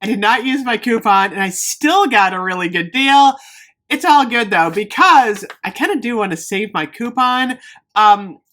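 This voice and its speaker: A woman vlogger chatting casually and excitedly as she shows off a shopping haul. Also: a little high, moderate pace. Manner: bubbly, excitable, gushing. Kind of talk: casual haul video chat.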